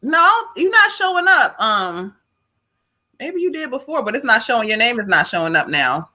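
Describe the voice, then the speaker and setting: A middle-aged woman hosting a live stream as a psychic medium, casual and loud, with lots of exclamations and laughter. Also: on the high side, very animated, moderate pace.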